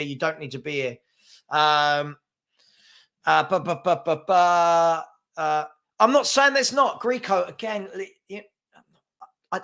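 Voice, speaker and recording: A man with a voice slightly higher than the typical male range runs a daily football chat stream in a relaxed, animated style. He stumbles over words with fillers and stammered restarts, and he's quick to snap at rude commenters.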